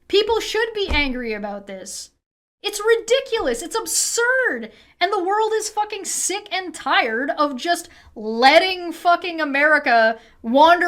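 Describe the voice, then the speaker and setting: High-voiced woman ranting and swearing. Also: a bit bright. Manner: swears constantly, heated and ranting. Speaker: streamer reacting to a debate video. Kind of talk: angry reaction rant.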